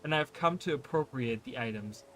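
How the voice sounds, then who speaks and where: A man's voice: medium pitch, normal speed, fairly bright tone, a little hiss or hum, close to an everyday voice. A man voicing a haughty, rude male wanderer who talks in fancy words, reading the lines aloud and stumbling on long words.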